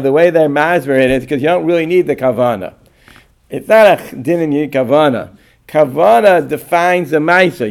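A man's voice: on the high side, gravelly. A man giving an informal Torah lecture on Jewish law, reasoning aloud and posing questions he then answers.

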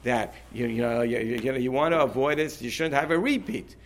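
A man's voice: mid-range voice, normal speed. A man leading a discussion, who talks emphatically, repeats himself and insists on his point. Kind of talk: animated discussion.

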